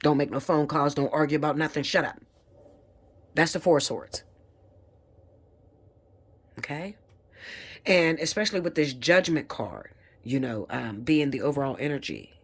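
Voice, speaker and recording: A woman giving a live tarot reading, lecturing her viewers bluntly and with plenty of swearing. She turns emphatic and leaps up high when she gets fired up. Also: lively intonation, normal speed, pauses often, breathy edge. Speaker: tarot reader.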